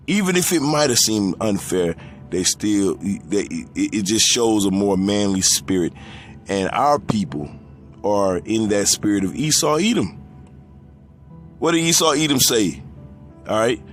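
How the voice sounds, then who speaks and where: Deep-voiced man preaching forcefully. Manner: forceful, profane, rises in pitch when stressing points; reads scripture in a lower, quieter voice. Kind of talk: sermon.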